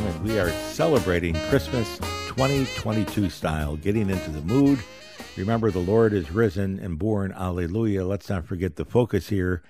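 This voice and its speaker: A middle-aged man hosting a live radio financial talk show, with folksy, upbeat salesman patter. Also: low-pitched.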